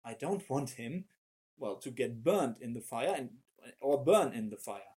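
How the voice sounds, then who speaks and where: Husky, animated male preacher. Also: mid-range voice, a little slow. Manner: animated, repeats words while searching for phrasing. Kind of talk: sermon.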